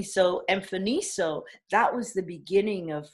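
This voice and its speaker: With a lowish voice and measured pace, this middle-aged Caribbean woman, who works as an actor and educator, chats casually over video. Her stories come alive as she laughs frequently and performs people's quoted words.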